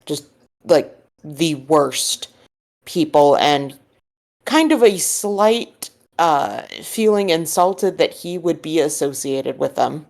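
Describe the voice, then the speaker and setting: A woman game master narrates a tabletop game in a low, gravelly voice. She describes what characters think and do in a relaxed way. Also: takes it slowly.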